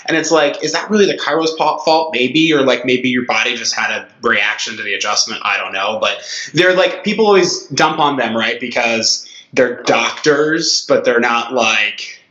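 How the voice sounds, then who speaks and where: A man's voice: mid-range voice, moderate pace, sharp tone. A man co-hosting a casual podcast, talking loosely with lots of fillers. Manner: loose and rambling, many fillers. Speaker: podcast co-host. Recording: dull, roomy lo-fi sound.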